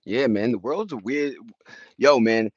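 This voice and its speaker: A man's voice: mid-range voice, a little slow, no room sound, dull audio. A man in his forties from New York with a New York accent, chatting casually on a livestream in streetwise slang and greeting viewers by name. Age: 40s. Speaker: livestream host.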